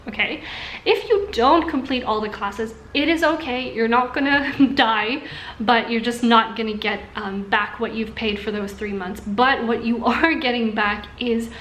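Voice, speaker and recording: A young woman chatting to camera about language learning, upbeat and quick to laugh. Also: fairly high pitch, a bit bright, reverberant, a little hiss or hum. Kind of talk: casual talk to camera. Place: room indoors in Singapore during a thunderstorm.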